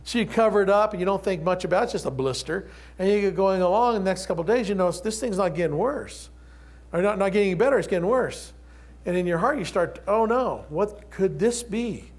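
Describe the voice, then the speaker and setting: A man's voice: high-pitched, fast. A middle-aged man, a pastor, preaching a conversational sermon and acting out voices in a playful way.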